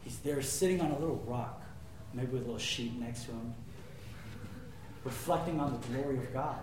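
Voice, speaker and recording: A man preaching a sermon, emphatic, swinging between loud declarations and hushed asides and asking his listeners rhetorical questions. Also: mid-range voice, normal speed, slight background noise. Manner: asks the audience rhetorical questions. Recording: very echoey room, mic far off.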